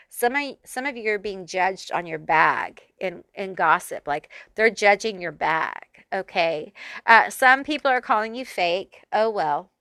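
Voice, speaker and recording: Bright, chatty middle-aged woman reading tarot. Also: a little high, smooth, no echo. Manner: chatty, bubbly, with lots of fillers like "like" and "you know". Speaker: tarot reader. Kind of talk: casual tarot reading to camera. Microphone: corded mic.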